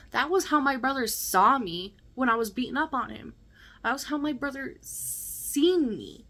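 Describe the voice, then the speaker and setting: A woman's voice: a little high, a bit bright. A woman vlogger telling a personal story in an emphatic, conversational way, often checking in with her listeners.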